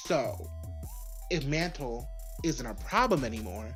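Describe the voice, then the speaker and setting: A woman giving a casual, profane, exasperated review of an animated show, ranting with lots of emphasis. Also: sits low, normal speed, soft background music.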